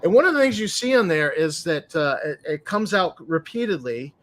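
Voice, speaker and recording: A man with a somewhat raised pitch co-hosts a casual chat show. He speaks in a measured way, pausing often on hesitations as he thinks aloud. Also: big pitch swings, fairly bright tone. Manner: measured, with frequent "uh" pauses. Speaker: podcast co-host.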